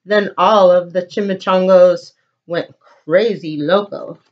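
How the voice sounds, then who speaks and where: A woman preschool teacher reading a picture book aloud with slow, expressive storytelling. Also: fairly low pitch, highs cut off.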